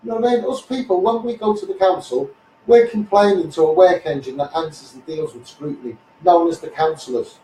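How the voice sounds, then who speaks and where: A man with a Scouse accent rants bluntly into a live stream. His voice sits high. He sounds a little away from the mic in an echoey room. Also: brisk, dark tone, recorded from a distance, slight background noise. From Liverpool, England. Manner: blunt, combative, repeats "you know what I mean". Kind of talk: ranting live stream monologue.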